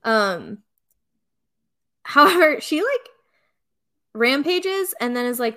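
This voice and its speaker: A woman podcast co-host in easy, chatty talk, with a voice pitched a little high. She keeps things lively, laughing easily and slipping into quick impressions of the people she discusses. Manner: chatty, animated, laughs often, acts out quotes. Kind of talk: casual chat recapping reality TV.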